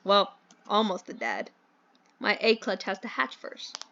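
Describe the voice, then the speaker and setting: A deadpan, cheeky talking phone from a dating game, as a woman voices it in a voice pitched lower than her own. Its delivery is casual and dry, and it is heard through a muffled, low-fi mic. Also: a little slow, gravelly, heavily acted. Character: laid-back crude talking phone, the player character.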